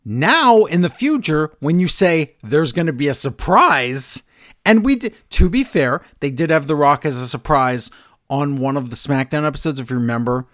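Excitable man recapping wrestling on a podcast. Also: a little high, moderate pace, dry recording, studio quality. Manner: excitable storyteller, recaps scenes and acts out quotes. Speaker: podcast co-host. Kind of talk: casual wrestling podcast chat.

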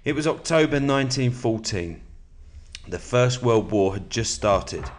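A man with a slightly sore throat, hosting a podcast in a relaxed, matey way and reading aloud from a book at an even, measured pace. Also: mid-range voice. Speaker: podcast host.

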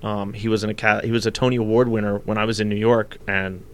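A man chatting as an interview guest, a loud, animated storyteller. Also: lowish voice, fast talker, a little hiss or hum. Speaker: guest, comedian and actor. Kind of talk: casual chat.

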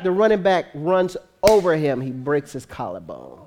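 An animated preacher telling a long story in a sermon, talking to the congregation in a loose, conversational way. The voice sits in an average pitch range and often drops lower and quieter during the telling. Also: moderate pace, a little hiss or hum. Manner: conversational, animated, frequent tag questions.

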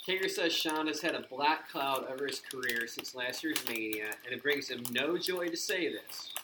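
A man co-hosting a podcast, excitedly recapping events and acting out quoted lines in casual chat. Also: mid-range voice, moderate pace, background noise. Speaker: podcast co-host.

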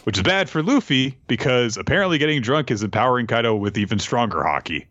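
A man hosting a podcast and casually recapping an episode in an animated way, with quick asides, on a dull lo-fi recording. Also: mid-range voice, dry recording. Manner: animated, retelling fight scenes with quick asides. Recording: dull lo-fi sound.

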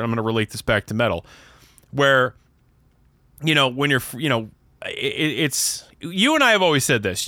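A man's voice: a little high, bright, forceful tone, no echo, clean studio sound. A young man from Pennsylvania with a Pennsylvania accent, co-hosting a podcast in casual chat and rambling with many restarts. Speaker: podcast co-host.

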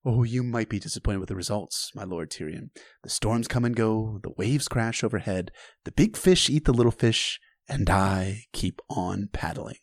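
A man voicing a scheming middle-aged court spymaster who talks slowly and unctuously in a book reading. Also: fairly low pitch, no echo, clean studio sound, voice pushed down. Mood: silky.

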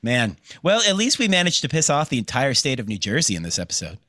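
A man's voice: mid-range voice, huge pitch swings, fast talker, sharp tone, no echo, clean studio sound. A man hosting a podcast in casual chat, wry and sarcastic, swearing freely and laughing often. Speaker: podcast host.

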